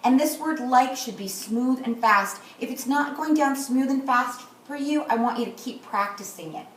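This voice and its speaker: Patient kindergarten teacher in an echoey room. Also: female voice, sits high, slight background noise. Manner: slow, deliberate modeling of words and sounds. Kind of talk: teaching a class. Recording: echoey room, far from the mic.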